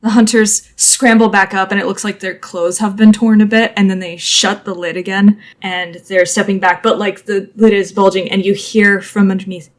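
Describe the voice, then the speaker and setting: A woman narrating a tabletop role-playing game as game master, quick and loose with fillers. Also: medium pitch, level tone. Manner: quick, filler-heavy storytelling.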